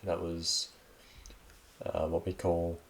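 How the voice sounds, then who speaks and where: A man's voice: low-pitched, completely flat delivery, takes it slowly, gravelly. A young Australian man hosting a casual solo podcast, reading out slang with offhand, sweary remarks and the odd laugh. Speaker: podcast host.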